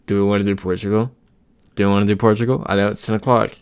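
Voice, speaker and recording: Young man, American, casual streamer chat, gravelly low voice, dry close sound. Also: little pitch movement, very fast, dry recording. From United States. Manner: chatty, reads out chat messages.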